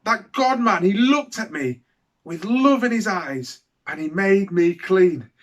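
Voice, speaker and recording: A man's voice: high voice, expressive, highs cut off. A man playing a mournful leper outcast. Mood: amazed. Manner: mournful, sighing, slow and heartfelt. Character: man with leprosy, outcast, telling his healing. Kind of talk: dramatic monologue for children.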